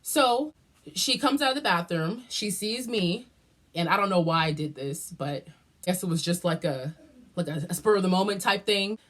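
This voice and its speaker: Animated, swearing woman telling a story. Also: normal speed. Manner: animated, profane and dramatic, with big jumps in pitch. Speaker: vlogger. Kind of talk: casual storytime vlog.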